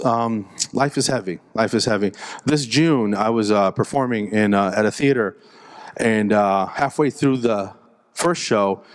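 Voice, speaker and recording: Animated man telling a stand-up story. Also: medium pitch. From Puerto Rico heritage. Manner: animated, jokes, acts out both sides of dialogue. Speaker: comedian and speaker at a dental event.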